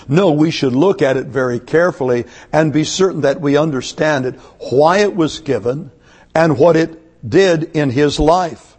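A man's voice: fairly high pitch, measured pace, a little mellow, husky. A man preaching a sermon to his church, emphatic and asking one rhetorical question after another. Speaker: pastor. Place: church service.

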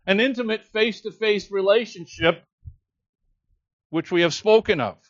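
A man preaching a sermon, earnest and measured, teaching a scripture passage with emphatic quotes. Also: high voice, a bit bright, no echo, highs cut off.

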